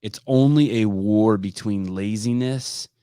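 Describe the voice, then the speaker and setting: A man hosting a live call-in podcast, talking in an animated, profane way with many restarts. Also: fairly low pitch, a little slow, clear, resonant tone, no echo, studio quality. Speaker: podcast host.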